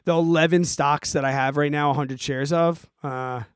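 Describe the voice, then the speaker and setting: Man in his forties, podcast host, high pitch, exasperated, emphatic, dry close mic. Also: normal speed, clear, resonant tone, no echo. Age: 40s. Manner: animated, exasperated, emphatic, swears. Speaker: podcast host answering listener questions. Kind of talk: casual ranting advice podcast.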